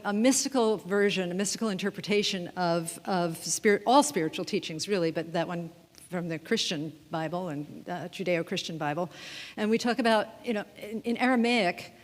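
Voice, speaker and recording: A woman minister giving a playful, chatty sermon, often asking her congregation questions and laughing. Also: mid-range voice. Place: church sanctuary. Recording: long reverb of a hall.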